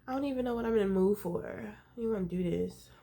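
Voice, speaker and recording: A woman's voice: medium pitch, fast talker, vocal fry, warm tone. A woman vlogging casually, venting with frustration and swearing freely while sick and nursing her throat.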